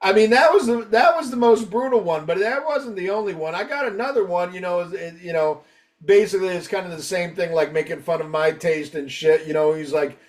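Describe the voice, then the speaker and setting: A man's voice: sits high, fairly quick, recorded from a distance. A man hosting a podcast, chatting loosely and joking with plenty of swearing. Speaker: podcast host. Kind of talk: casual podcast chat.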